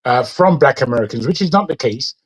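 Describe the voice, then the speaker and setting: A man's voice: mid-range voice, animated, a little fast, husky, muffled recording. A man hosting an opinionated news commentary show, talking in an indignant, rambling way with frequent restarts. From England. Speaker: host.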